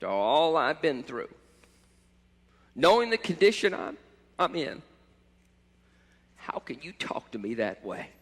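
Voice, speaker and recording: A man preaching a sermon as pastor, impassioned, swelling to loud cries at times. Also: on the high side, big pitch swings, slow pace, long pauses. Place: church sanctuary. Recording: church hall reverb.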